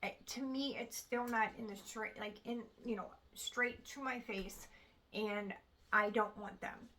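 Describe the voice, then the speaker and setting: A woman in her thirties vlogs a frustrated personal storytime to camera, quoting what others said as she retells it. Her voice is a little high, pushed and bright, fairly even and a little slow, on a low-quality recording with slight background noise.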